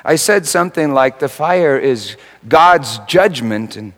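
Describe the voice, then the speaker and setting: A male pastor preaching a sermon and telling a personal story, dropping to a hush and then rising to loud, emphatic delivery. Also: a little high, lively intonation, slow, poor audio. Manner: swings from hushed to loud emphatic.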